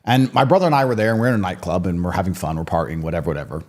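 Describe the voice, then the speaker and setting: A man in his thirties sits for an interview as a guest, telling stories and offering opinions bluntly, provocatively and with emphasis. His voice sits low and he talks very fast.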